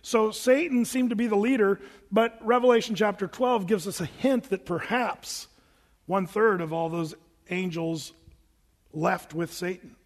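A man's voice: sits high, unhurried, in a large hall. A man preaching a Bible-teaching sermon in a conversational, plain-spoken way, with casual asides to the congregation. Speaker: pastor.

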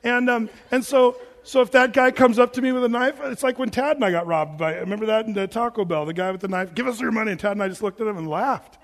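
A pastor preaching a sermon in a joking, animated way, acting out quoted voices as he goes. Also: sits high, quick pace, few pauses. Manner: jokey, acts out quoted voices; self-described big guy. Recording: long reverb of a large hall.

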